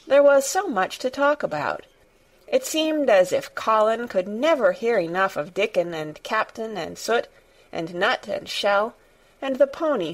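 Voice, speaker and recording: A woman reads a classic children's story aloud with measured, expressive narration. Her voice sits in a middle range for a woman. It is a steady audiobook delivery. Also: mid-range voice. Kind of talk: scripted narration.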